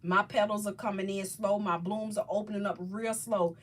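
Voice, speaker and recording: Halting, faith-filled woman chatting live. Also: mid-range voice, steady tone. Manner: halting, rambling, restarts often. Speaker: livestream host chatting with viewers. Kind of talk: casual live chat about faith and crafts.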